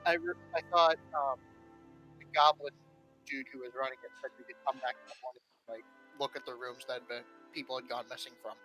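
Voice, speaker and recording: A man playing a tabletop game, talking in a relaxed, rambling way. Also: medium pitch, fairly quick, soft background music, low-quality recording. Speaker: player. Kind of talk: casual tabletop play.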